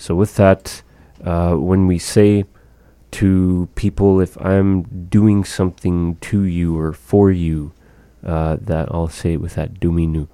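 A man teaching a language lesson, repeating each phrase slowly and carefully for learners. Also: sits low, little pitch movement, mellow, smooth, dry recording.

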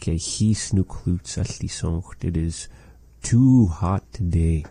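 A man's voice: low voice, takes it slowly, mellow, slightly rough, no room sound. A man teaching a language lesson, patiently explaining phrases and repeating words.

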